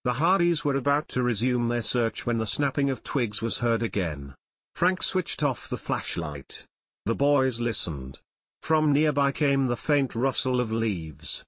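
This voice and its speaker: A man narrates a full-length adventure audiobook, building suspense with a lively, widely moving pitch. His voice sits at an ordinary middle pitch, recorded close and dry with no room sound. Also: measured pace, no room sound. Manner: expressive, suspenseful storytelling.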